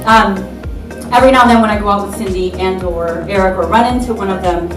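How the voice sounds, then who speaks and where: A woman's voice: mid-range voice, quick pace. A woman giving a chatty, laughing anniversary toast at a party. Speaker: anniversary speaker. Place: party hall. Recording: echoey room from far off. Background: music and guests.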